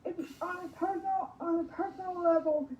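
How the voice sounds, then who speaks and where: Very high-voiced woman, halting speech. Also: steady tone, dark tone, echoey room, dull audio. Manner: halting, repeating words, slow effortful speech. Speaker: podcast host as guest. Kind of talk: casual interview answers.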